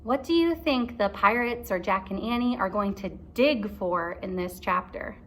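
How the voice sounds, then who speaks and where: A woman teacher reading a chapter book aloud to kindergarten children, pausing to ask encouraging questions. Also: mid-range voice, fairly bright tone, slight background noise. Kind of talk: read-aloud for young children.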